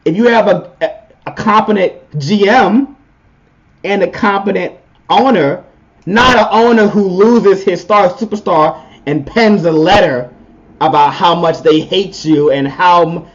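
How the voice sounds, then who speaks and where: A man's voice: sits high, a little slow, muffled recording. A man co-hosting a podcast, giving a blunt, opinionated sports rant in casual talk. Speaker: podcast co-host.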